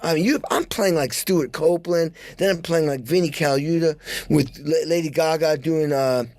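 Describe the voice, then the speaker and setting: A middle-aged man telling backstage stories on a podcast, animated, acting out what people said and humming rhythms aloud. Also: moderate pace, dry recording. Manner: animated, acts out quotes with excited jumps in pitch. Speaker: podcast guest. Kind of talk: casual storytelling chat.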